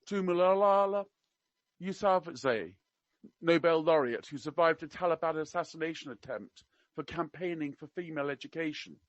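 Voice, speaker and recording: A man with a slight RP accent reading a prepared commentary in a measured, wry, deliberate way. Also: on the high side, no room sound, muffled recording. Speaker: podcast regular.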